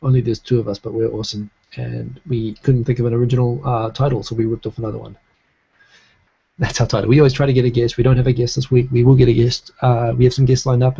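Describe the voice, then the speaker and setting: A man's voice: mid-range voice, creaky, dark tone, slightly rough, lo-fi sound. A man with a faded New Zealand accent hosting a live show, chatting casually and reading comments, rambling with lots of fillers and restarts.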